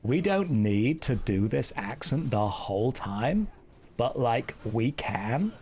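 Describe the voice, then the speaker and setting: A man doing a drawling valley girl with heavy fry. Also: medium pitch, sing-song, a little mellow, a little hiss or hum, voice pushed down. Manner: slow, dragged-out drawl.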